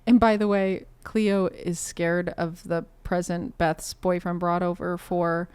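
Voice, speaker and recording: A woman co-hosting a podcast, telling stories in lively casual chat and laughing often. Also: lowish voice, takes it slowly, clean tone. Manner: animated storyteller, laughs often. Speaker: podcast co-host.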